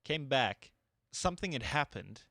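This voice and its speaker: A man's voice: mid-range voice, animated, measured pace, creaky, sharp tone, no room sound, studio quality. A man co-hosting a sports talk show, speaking in laid-back, slangy casual chat. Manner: laid-back, slangy, says dude and bro a lot. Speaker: co-host.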